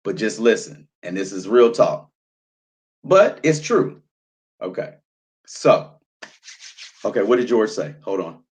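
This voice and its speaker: A man's voice: on the low side, expressive, slow, long pauses, a little mellow. A man in his thirties hosting a live stream, chatting loosely over wine and reading out viewer comments, often repeating himself and trailing off with fillers. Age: 30s. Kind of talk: casual chat while drinking wine.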